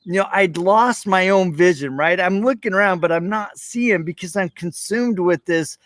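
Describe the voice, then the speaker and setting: A man's voice: sits high, normal speed, no room sound. A man hosting a podcast interview, telling a personal story and acting out his younger self with rising emotion. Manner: animated storyteller, reenacts childhood moments with rising emotion. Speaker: podcast host.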